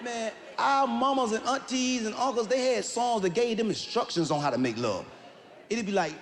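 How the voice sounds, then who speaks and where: A man doing a stand-up comedy set, telling stories loudly and shouting his punchlines. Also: very high-pitched, moderate pace. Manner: loud, animated storytelling with shouted punchlines and acted-out quotes. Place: stage in a large hall with a live audience. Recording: live hall reverb, faint room noise.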